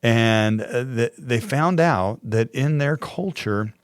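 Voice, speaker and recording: A man's voice: medium pitch, takes it slowly, smooth, no room sound, clean studio sound. A man co-hosting a church podcast, casually telling stories in a rambling way, with restarts. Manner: rambling, with frequent restarts and playful voices. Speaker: co-host. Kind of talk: casual conversational storytelling.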